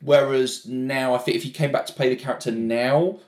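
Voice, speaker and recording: A man hosting a podcast, chatting casually in an animated way and swearing freely. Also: mid-range voice, a little fast, echoey room. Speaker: podcast host. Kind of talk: casual chat.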